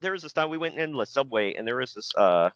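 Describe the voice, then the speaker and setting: A man's voice: medium pitch, expressive, quick pace, lo-fi sound, very noisy. A man in casual podcast chat, telling rambling stories between laughs. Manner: laughing storyteller, loose and rambling. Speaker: podcast co-host.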